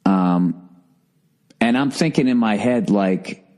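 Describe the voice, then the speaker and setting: Alone in a room, a male podcast host rants through an exasperated, profane solo monologue. He speaks slowly in a lowish, slightly mellow voice.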